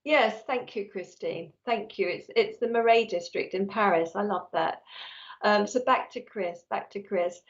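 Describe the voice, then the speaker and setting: A woman's voice: medium pitch, a little slow, dull audio. A woman working as a psychic medium, giving a live-streamed reading and talking nonstop in an effusive, chatty way.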